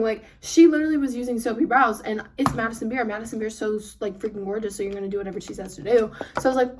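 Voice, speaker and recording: A young woman vlogger rambles through her makeup routine in a bright, high voice, piling on fillers as she goes. She sounds set back from the phone mic, with a light hiss of noise underneath. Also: far from the mic. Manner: rambling, chatty, fast, full of fillers. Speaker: beauty vlogger. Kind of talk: get-ready-with-me chat.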